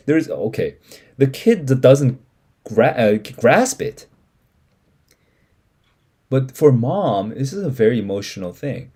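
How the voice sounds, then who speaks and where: A man's voice: mid-range voice, mellow, slightly rough. A man reading a short story aloud and explaining it as he goes, thinking aloud with many fillers and restarts. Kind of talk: live reading reaction.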